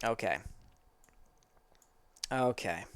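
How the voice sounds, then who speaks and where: Very slow and lowish, with a clean tone, a French-speaking man from Quebec, Canada, chats in Quebec-accented English with his stream viewers. An esports caster, he's easygoing and rambling, answering chat messages as he reads them.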